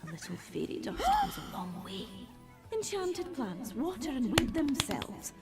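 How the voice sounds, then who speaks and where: Bubbly Irish nature spirit narrating a game trailer; high, singing delivery over loud music. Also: female voice, wildly swooping pitch, measured pace, heavily acted. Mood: playful. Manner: sing-song, playful, welcoming.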